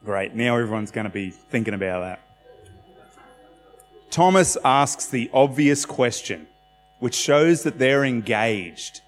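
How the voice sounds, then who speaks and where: A man's voice: medium pitch, lively intonation, a little slow, pauses often. Conversational male pastor in echoing hall. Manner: conversational, self-deprecating, acts out quotes. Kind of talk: sermon. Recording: long hall reverb with faint music.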